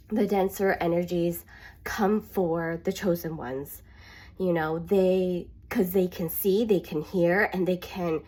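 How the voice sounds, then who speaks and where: Woman, breathy voice, earnest, rambling spiritual talk. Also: fairly low pitch, a little mellow. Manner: earnest, rambling, often with fillers. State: getting emotional. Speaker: spiritual vlogger. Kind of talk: casual spiritual monologue.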